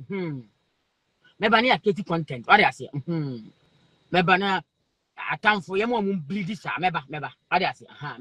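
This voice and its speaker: A man with a Ghanaian accent hosting a live stream, reading out viewer comments, excitable, laughing often and calling out names over and over. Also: high voice, no room sound.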